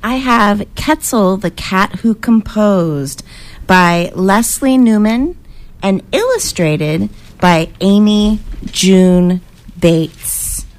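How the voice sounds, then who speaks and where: A woman reading a picture book aloud as a guest reader, with expressive storytelling and voices for the characters. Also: medium pitch, gravelly.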